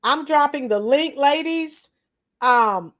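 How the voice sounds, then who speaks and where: A middle-aged woman hosting a casual livestream, greeting viewers by name, her voice a little strained and clearing her throat often. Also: sits high, slow pace. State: slightly strained voice after a week of teaching. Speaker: livestream host. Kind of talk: casual live chat with viewers.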